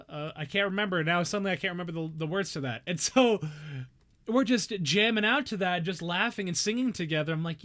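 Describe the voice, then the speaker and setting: A man streaming a game, chatting casually and telling a rambling, excitable story. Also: high voice, fairly quick. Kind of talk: casual chat.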